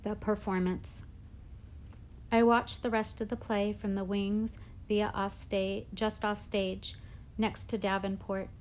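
A woman reading a first-person novel aloud with measured, expressive storytelling. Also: mid-range voice, a little hiss or hum. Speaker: audiobook narrator.

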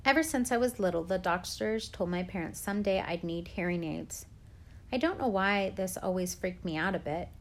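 A woman reading a chapter book aloud in a steady, clear way. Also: fairly low pitch, normal speed.

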